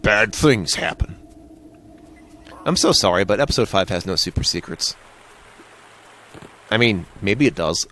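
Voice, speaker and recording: A man's voice: low voice, animated, normal speed, pauses often, bright, forceful tone, a little hiss or hum. Rambling Midwestern man commentating a game. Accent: Midwestern American. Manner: rambling, jokey, wanders off on tangents. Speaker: let's play host. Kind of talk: casual gameplay commentary.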